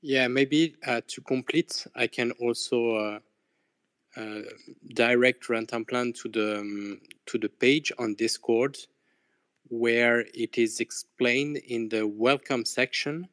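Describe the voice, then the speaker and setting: A man with a smooth, resonant voice speaks slowly and evenly, explaining step by step with many pauses and fillers. The sound is dry. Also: mid-range voice, steady tone, a bit bright, dry recording. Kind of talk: casual audio chat room talk.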